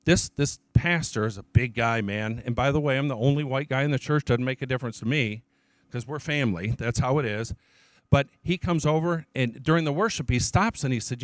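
A man's voice: mid-range voice, brisk, no room sound. A man, a church elder, preaching his testimony as an emphatic storyteller who repeats his key phrases.

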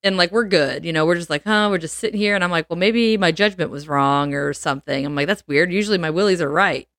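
A young adult woman on a casual podcast, telling a story in an animated way and acting out what people said. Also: fairly low pitch, fast, no echo, clean studio sound. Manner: animated, laughs often, acts out quotes. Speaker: podcast co-host.

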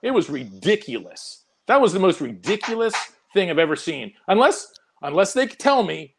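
A man's voice: high-pitched, moderate pace, gravelly, few pauses, husky. A man, a police corporal on a panel show, ranting in exasperated, scornful casual chat about a scene he watched. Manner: exasperated, scornful, animated storytelling.

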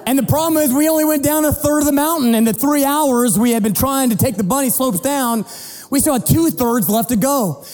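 A middle-aged man preaching as a pastor, telling a family story in an animated, playful way and acting out the voices. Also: very high-pitched, a little fast. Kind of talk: sermon storytelling. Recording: long hall reverb with faint music.

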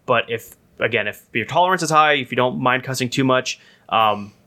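A man's voice: medium pitch, normal speed, bright, forceful tone. A man co-hosting a casual podcast, rambling through movie and football talk with many restarts and frequent laughs. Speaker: podcast co-host.

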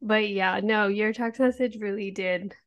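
A woman's voice: mid-range voice, fairly even intonation, a little slow, a little hiss or hum. A woman podcast co-host, a mother in her thirties, talking candidly in a rambling, casual way and swearing often. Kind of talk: casual chat.

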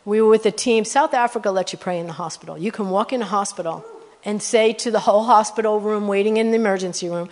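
A middle-aged woman, a guest preacher, tells testimony stories in a sermon, speaking fast in a mid-range voice. She is animated and rises to loud exclamations.

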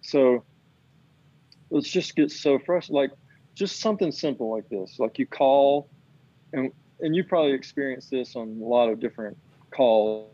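Dude venting and swearing, middle pitch, kinda muffled lo-fi audio. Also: male voice, normal speed, mellow, no room sound. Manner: ranting, profane, acts out quoted people. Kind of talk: casual chat.

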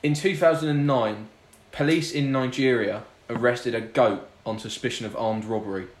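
A man's voice: mid-range voice, moderate pace. A man hosting a podcast, running a quiz segment in casual, teasing banter. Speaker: podcast host. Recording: roomy with faint noise.

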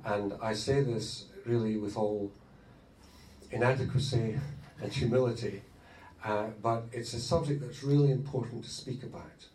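A man's voice: medium pitch, a little mellow. Good-humoured man in an echoey hall. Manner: good-humoured, laughing, halting. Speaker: marriage course co-leader. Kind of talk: informal talk to a group of couples. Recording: roomy hall, distant mic, faint noise.

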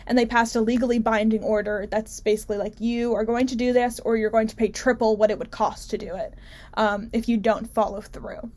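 Opinionated woman hosting a news show. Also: fairly high pitch. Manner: opinionated, animated, many fillers and restarts. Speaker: show host. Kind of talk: casual news commentary.

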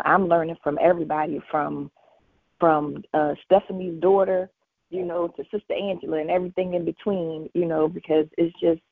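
A woman in her forties shares her faith testimony as a guest on a call-in show. Her voice is gravelly and husky, and it comes through a tinny phone line. She tells her story with animation and acts out the conversations. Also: deep voice, no echo. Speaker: featured guest.

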